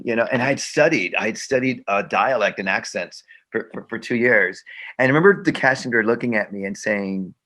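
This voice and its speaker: A man's voice: fairly low pitch, moderate pace. A middle-aged man, an actor and guest, telling stories in casual conversation with frequent restarts and acted-out dialogue. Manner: animated, repeats himself, acts out quoted dialogue. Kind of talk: conversational storytelling.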